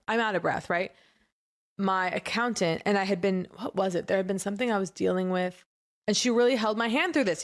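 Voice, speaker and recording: A woman co-hosting a casual comedy podcast, telling a story with lively quoted voices. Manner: animated storyteller, acts out quoted voices with big pitch jumps. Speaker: podcast co-host.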